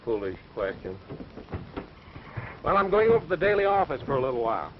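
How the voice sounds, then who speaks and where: A man's voice: medium pitch, very animated, brisk, a little hiss or hum, close to an everyday voice. Actor as a breezy, wisecracking newspaperman, lo-fi old film sound. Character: wisecracking young male college reporter. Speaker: newspaper reporter. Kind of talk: 1930s film acting.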